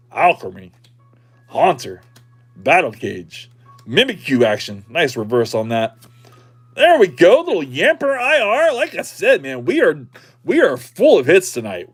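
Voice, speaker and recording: A man's voice: mid-range voice, huge pitch swings, measured pace, slightly rough, soft background music. A middle-aged man chatting casually on a livestream as he opens card packs, repeating himself and cheering on each card. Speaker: streamer opening card packs.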